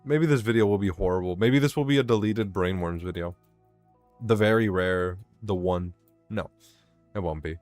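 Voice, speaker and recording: Young dude venting about work while gaming, lots of swearing, deep-ish voice, dry sound. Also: male voice, moderate pace, a little mellow, no room sound, soft background music. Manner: rambling, swearing, venting, self-mocking. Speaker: gaming vlogger. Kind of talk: rambling gameplay commentary.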